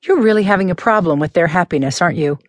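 A woman's voice: on the low side, fast, dry recording, close to an everyday voice. A woman doing a cool, teasing teen boy.

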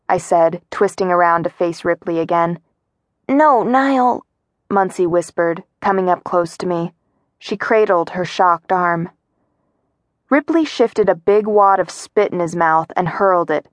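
Audiobook narrator: woman, lowish voice, steady first-person storytelling, dry close-mic studio sound. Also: dry recording.

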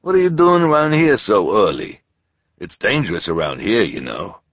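A man's voice: lowish voice, wildly swooping pitch, normal speed, no room sound, highs cut off, heavily acted. A man voicing a friendly, scruffy little shopkeeper who chats and holds firm opinions, in a storybook reading. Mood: chatty. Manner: chatty, opinionated.

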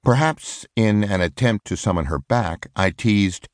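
A man reading a reflective nonfiction audiobook in a measured, solemn way. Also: lowish voice, no room sound, studio quality. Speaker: audiobook narrator. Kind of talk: scripted audiobook narration. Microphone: close studio microphone.

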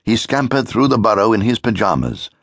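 A man reading a children's story aloud in a very deep, gravelly, slightly husky voice. His telling is expressive and swings widely in pitch. The recording is close and dry. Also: a little fast, no echo. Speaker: audiobook narrator. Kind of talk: scripted narration of a children's book.

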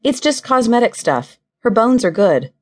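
An eager teenage boy, confident and proud , as a woman narrator voices him. He speaks with bright excitement in an audiobook. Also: a little high, normal speed, pitched above the performer's own voice.

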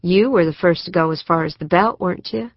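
A woman voicing an excitable, idealistic younger sister who talks in an earnest, insistent way. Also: lowish voice, fairly quick, no echo. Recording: dry, slightly muffled studio recording.

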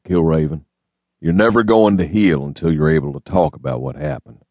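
A calm, seasoned male lawman, voiced by a man in an audiobook, easygoing and philosophical in tone. The voice is low but lifts a little above the narration. It is recorded close and dry. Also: brisk, creaky, no echo, exaggerated voice. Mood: earnest. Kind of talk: audiobook character reading.

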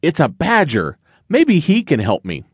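A man's voice: fairly high pitch, huge pitch swings, measured pace, dry recording, pitched above the performer's own voice, exaggerated voice. A man voicing a lost, worried young male bear cub in a children's audiobook, earnest and plaintive. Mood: pleading. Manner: earnest, plaintive and breathy with effort.

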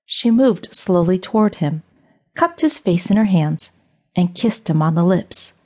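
Woman narrator, children's audiobook, husky tone, lively pitch, lowish voice. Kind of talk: scripted narration.

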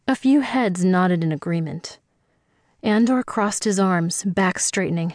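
Low-voiced woman narrating an audiobook. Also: unhurried, a little mellow, no room sound. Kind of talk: scripted narration. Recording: dry close studio sound.

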